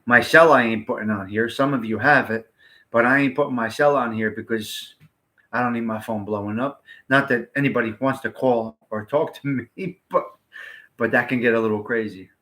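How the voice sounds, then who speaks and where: A man's voice: medium pitch, moderate pace, pushed and bright. A man hosting a casual livestream, chatting to viewers in a blunt, rambling way and swearing freely. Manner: blunt, rambling, salty-mouthed. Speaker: livestream host.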